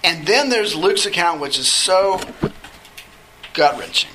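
A man's voice: high voice, lively intonation, measured pace, background noise. A man leading a Bible study group, teaching in a conversational way and often checking in with the group by asking "okay?".

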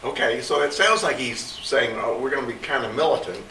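A man's voice: mid-range voice, brisk, bright, forceful tone, a little hiss or hum. A man in a Bible class discussion, thoughtfully retelling scripture in plain words. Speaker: class member. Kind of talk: group discussion. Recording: roomy and distant from the mic.

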